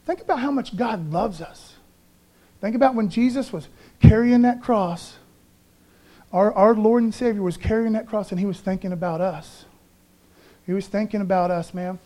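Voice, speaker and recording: A pastor preaches with fervent emphasis, rousing his congregation and slipping into casual, chatty asides. His voice sits high for a man. The delivery swings from loud calls to quiet, confiding lines. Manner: conversational, peppers speech with "man". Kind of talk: Easter sermon.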